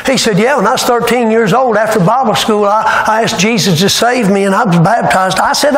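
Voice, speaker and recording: A man with a high voice preaches a revival sermon a little fast, barely pausing. In the echoey sanctuary, with faint ambience around him, he spins fervent stories that build into shouts.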